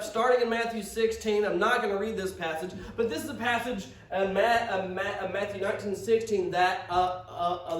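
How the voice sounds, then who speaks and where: High-voiced male pastor, casual sermon delivery with restarts; off-mic in a reverberant room. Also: far from the mic. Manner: conversational, stammering restarts, acts out quotes. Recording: roomy sound from off-mic.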